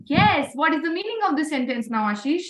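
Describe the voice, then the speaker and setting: Trainer type: high-pitched woman, upbeat class leader who keeps praising students, slightly roomy sound. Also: expressive, fairly quick, a bit bright, slight background noise. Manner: encouraging, repeats praise, mixes in Hindi. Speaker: voice and communication trainer. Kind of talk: online class. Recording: roomy echo.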